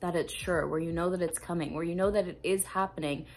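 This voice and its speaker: A woman's voice: fairly low pitch, fairly even intonation, fast talker. A woman manifestation coach giving an earnest, emphatic self-help talk to camera, repeating phrases for stress and swearing now and then.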